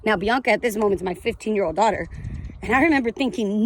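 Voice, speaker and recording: A woman's voice: medium pitch, fast, a little hiss or hum. A woman in her thirties candidly telling her addiction and recovery story in a raw, blunt, emotional way, swearing freely. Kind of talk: candid testimonial vlog.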